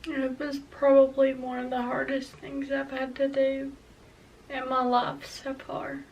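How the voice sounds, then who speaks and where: A woman's voice: sits high, completely flat delivery, a little slow, darkish tone, recorded from a distance, highs cut off, a little hiss or hum. A young woman in her early twenties talking hesitantly and emotionally in a personal confessional vlog. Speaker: vlogger.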